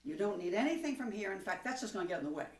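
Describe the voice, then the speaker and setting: A woman gives a one-on-one singing lesson, encouraging her student and demonstrating breath exercises. Her voice moves through a lively range of pitch. The room is echoey and she sounds set back from the microphone. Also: very fast, far from the mic. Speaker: voice teacher.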